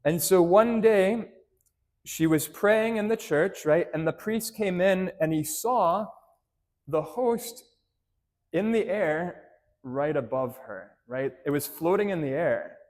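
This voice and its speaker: Priest preaching in a church, chatty storyteller, slightly high male voice, keeps asking "right?". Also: slow, a little mellow. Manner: conversational storytelling, frequent "right?" tag questions; addresses children directly with simple questions. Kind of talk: homily to a parish congregation.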